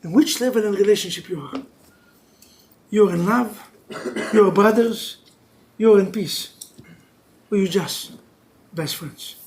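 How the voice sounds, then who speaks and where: A rabbi leads couples through a lively religious class, joking and animated, using Hebrew words within non-native English. He speaks in a high voice, a little slowly and with long pauses, alternating loud outbursts with hushed intensity.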